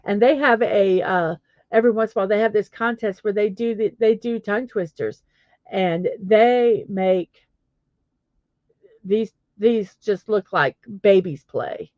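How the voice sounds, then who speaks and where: A woman's voice: medium pitch, a little slow, dry recording. A woman hosting a casual morning livestream, chatting with viewers and trying tongue twisters aloud. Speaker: vlogger reading live chat. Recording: dull lo-fi sound, dry.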